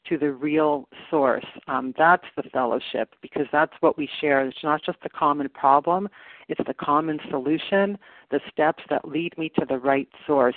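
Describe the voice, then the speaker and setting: A man's voice: a little high, no room sound. A man sharing at a recovery meeting, earnest and reflective, repeating words for emphasis, heard over a phone or video call. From Canada. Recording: tinny phone line.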